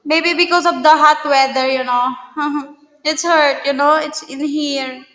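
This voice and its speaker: High-voiced woman chatting with a sore mouth. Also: steady tone, measured pace, pushed and bright, reverberant, big-room sound, poor audio. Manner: laughs often, speaks broken English with Tagalog fillers. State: sore gums. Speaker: livestream host. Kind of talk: casual livestream chat.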